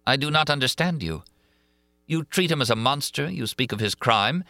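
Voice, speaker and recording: A man's voice: mid-range voice, animated, moderate pace, bright, forceful tone, dry recording, pitched above the performer's own voice. A man voicing an anxious young nobleman in a storybook. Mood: bewildered.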